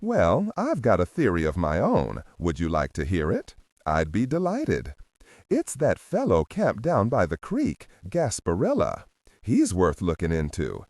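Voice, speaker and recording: A man's voice: low-pitched, wildly swooping pitch, a little slow, a little mellow, no echo, studio quality, exaggerated voice. A man doing a hearty nosy storekeeper. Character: hearty middle-aged male store owner, nosy.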